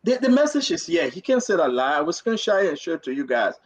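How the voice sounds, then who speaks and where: A man hosting a live political talk show, his voice high and very lively as it climbs and drops. He talks emphatically, repeats phrases, and reads quotes aloud to his listeners. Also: fast.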